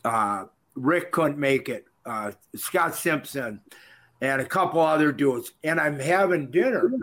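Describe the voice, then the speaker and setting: An older man from Minnesota, a retired wrestler and interview guest, telling jokey rambling stories and doing shouted impressions of people. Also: fairly high pitch. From Minnesota, USA. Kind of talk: storytelling in casual chat.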